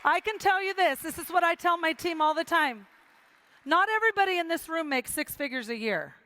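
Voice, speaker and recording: A woman's voice: extremely high pitch, expressive, brisk, sharp tone. A middle-aged woman giving a motivational speech to a live audience, telling her story with quoted dialogue and emphatic repetition. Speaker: motivational speaker.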